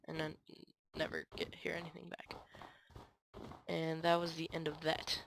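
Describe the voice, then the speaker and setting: Low-voiced woman ranting over gameplay. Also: monotone, unhurried, gravelly, pauses often, a little hiss or hum. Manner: rambling, aggrieved storytelling with fillers. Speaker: gaming channel creator. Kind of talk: casual game commentary.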